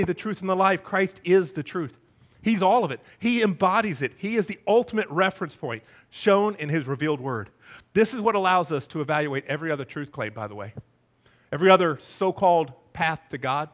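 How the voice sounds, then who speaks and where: A male pastor preaches to his congregation with passion and emphasis. His speaking voice sits high for a man. He drives his points home with force. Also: fairly bright tone. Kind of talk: sermon.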